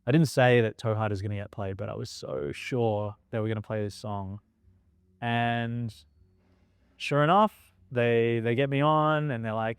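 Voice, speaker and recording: Label founder, smooth clear voice, dry close sound, lively storyteller who acts out quotes. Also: male voice, medium pitch, normal speed, dry recording. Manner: animated anecdote-telling, acting out quoted dialogue. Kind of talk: documentary interview storytelling.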